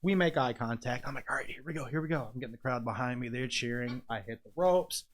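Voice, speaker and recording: Talking quickly in a mid-range voice, an independent wrestler appearing on a podcast spins a story casually. He brings scenes to life with quoted dialogue and sound effects and laughs a lot as he goes.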